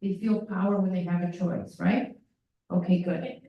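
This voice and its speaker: This woman's voice is fairly low, with a steady tone, a moderate pace and dull audio. She's presenting at a parent workshop in a school meeting room, talking animatedly and imitating children's voices, recorded at a distance in an echoey space.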